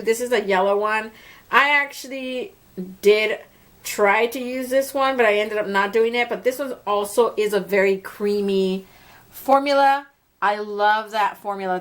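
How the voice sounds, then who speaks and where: Brief: young woman beauty vlogger, fairly high voice, chatty and blunt, quick laughs. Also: fairly bright tone. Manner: chatty, candid, laughs often, mild swearing. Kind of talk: casual makeup review.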